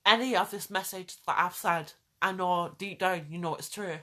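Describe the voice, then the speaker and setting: A lowish, bright, forceful female voice with fairly even intonation moves at a moderate pace. The vlogger speaks passionately to camera, pleading with her audience and repeating lines for emphasis.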